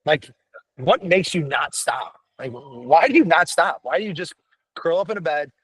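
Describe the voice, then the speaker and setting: A gruff middle-aged man speaking as a firefighter guest in a casual chat, blunt and profane, telling stories with energy. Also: a little high, normal speed, no room sound, poor audio. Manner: blunt, profane, animated storytelling. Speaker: podcast guest, firefighter paramedic.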